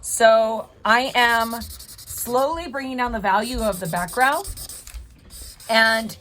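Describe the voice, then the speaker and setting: A woman's voice: on the high side, slow pace, a bit bright, a little hiss or hum. A woman art teacher talking through a drawing as she works, encouraging her viewers step by step. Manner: encouraging, talks while drawing. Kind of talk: live drawing tutorial.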